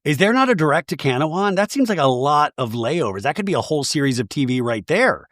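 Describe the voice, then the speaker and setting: Lively, jokey male recap host. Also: on the high side, no room sound, clean studio sound. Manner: jokey, animated retelling with quick mock voices. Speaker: podcast host. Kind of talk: comedic reality TV recap.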